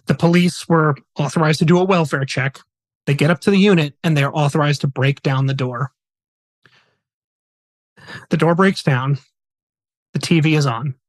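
Higher-voiced man telling a true story. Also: normal speed, long pauses, no room sound. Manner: earnest, conversational storytelling. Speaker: podcast host. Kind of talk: casual true-story retelling.

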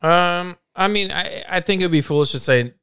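A man's voice: sits high, normal speed, pushed and bright, clean tone, no echo, clean studio sound. A man co-hosting a podcast, talking loosely and joking with lots of fillers. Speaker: podcast co-host. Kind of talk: casual podcast chat.

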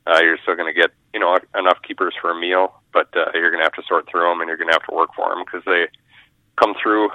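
A man's voice: low voice, little pitch movement, fast, no room sound. A man, a fishing guide talking casually in a radio interview, rambling and repeating his words. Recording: muffled phone line.

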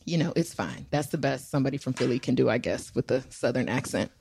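A woman co-hosting a podcast, talking in an enthusiastic, animated way. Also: very deep voice, fast talker, vocal fry, a little hiss or hum. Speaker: podcast co-host. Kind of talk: casual podcast chat.

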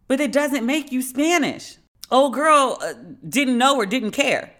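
A woman's voice: high voice, animated, unhurried, fairly bright tone. A woman hosting a podcast, telling a story in a candid, slangy and sardonic way. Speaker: podcast host. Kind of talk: casual storytelling monologue.

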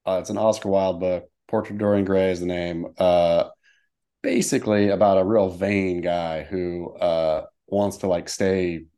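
Playful guy cohost, low voice, kinda dark tone, laughs a lot. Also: fairly even intonation, measured pace. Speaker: podcast co-host. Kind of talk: casual chat.

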